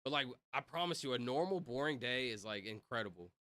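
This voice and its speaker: A man's voice: medium pitch, lively intonation, brisk, bright, forceful tone. A young man streaming from home, chatting casually and rambling with lots of "like" and "bro". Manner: rambling, filler-heavy, says "like" and "bro" constantly. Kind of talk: casual livestream chat.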